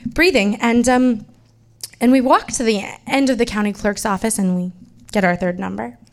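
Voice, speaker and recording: A woman's voice: on the high side, moderate pace. Wry woman telling a personal story. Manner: wry, self-mocking, swings from loud to hushed.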